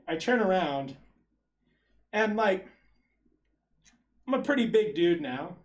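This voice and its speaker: A young man on a casual podcast, telling a long, rambling story with a self-deprecating streak. His voice sits a little high for a man. He keeps breaking into laughter as he goes. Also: animated, moderate pace, long pauses. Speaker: podcast co-host. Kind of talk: casual storytelling among friends.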